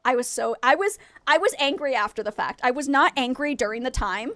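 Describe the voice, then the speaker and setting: Female streamer, 30s, high voice, lively casual storytelling over gameplay. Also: brisk, hardly any pauses, no echo, faint music behind. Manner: chatty, animated, swears and laughs often. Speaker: gaming streamer. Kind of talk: casual storytelling while gaming. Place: home office.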